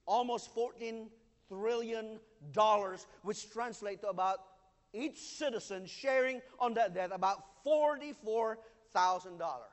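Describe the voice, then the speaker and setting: Male pastor, high voice, earnest emphatic sermon, heard with a long hall reverb. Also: a little slow.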